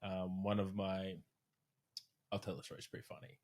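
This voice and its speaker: A man with a low, slightly deep voice chats loosely on a podcast. He tells stories with lively energy, tossing in a swear word here and there, and sounds like a strength coach talking shop with friends. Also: moderate pace. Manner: animated storyteller, swears freely. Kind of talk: casual podcast chat.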